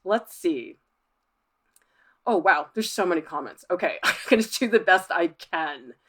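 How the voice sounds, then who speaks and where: A woman art professor hosting a livestream, reading viewer comments aloud and chatting back in a lively, laughing way. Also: on the low side, a little slow. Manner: chatty, animated, laughs often.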